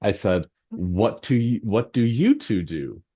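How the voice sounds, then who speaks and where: Male interview guest, lowish voice, rambling and self-deprecating, many fillers, muffled lo-fi sound. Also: very animated, unhurried, warm tone, husky. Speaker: novelist guest. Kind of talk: anecdotal storytelling in podcast interview.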